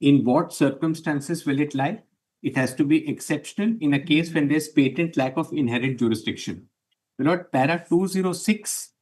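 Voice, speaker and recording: A man's voice: on the high side, a little mellow. Deferential advocate, man. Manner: deferential, addresses the bench as my lord, numbered points. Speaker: advocate arguing before a court. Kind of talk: formal courtroom argument.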